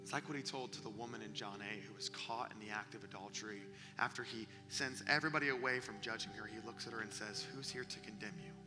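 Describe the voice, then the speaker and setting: A man preaching a sermon to young people, telling stories with energy and dropping to a hushed whisper for emphasis. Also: lowish voice, fast talker, hardly any pauses. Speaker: youth preacher. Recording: long hall reverb with music behind.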